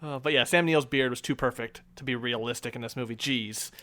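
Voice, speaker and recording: A man's voice: mid-range voice, a little fast, pushed and bright, dry recording. A man co-hosting a casual film review chat, easygoing and laughing as he retells scenes. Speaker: podcast co-host.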